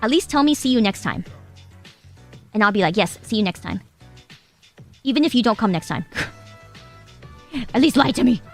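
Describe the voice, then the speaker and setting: A woman's voice: mid-range voice, lively intonation, a little fast, long pauses, soft background music. A young Japanese woman chatting casually to her live-stream chat, giggly and rambling, swearing now and then. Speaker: VTuber streamer.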